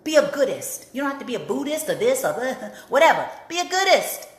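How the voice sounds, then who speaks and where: A woman's voice: high-pitched, big pitch swings, fairly quick. A woman hosting an inspirational talk, speaking emphatically and repeating key phrases for emphasis. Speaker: host and life coach. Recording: roomy echo.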